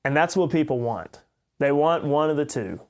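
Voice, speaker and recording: A podcast host with a light Oklahoma accent delivers a commentary monologue, offering blunt, opinionated takes. His voice sits a little high and is expressive, moving at a normal speed, and he enunciates carefully.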